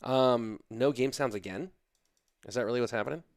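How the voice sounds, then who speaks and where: A man's voice: mid-range voice, normal speed, slight background noise. A tired man in his thirties casting an esports match on a live stream, chatting casually and reading viewer comments aloud between plays. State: sleepy. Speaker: esports caster.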